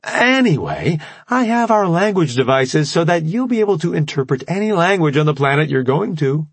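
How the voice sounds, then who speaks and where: Picture a chirpy, high-pitched young woman scientist, eager and bubbly, as a male audiobook narrator puts her on. The voice is gravelly and husky underneath, recorded dry and close. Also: big pitch swings, normal speed, no echo, heavily acted.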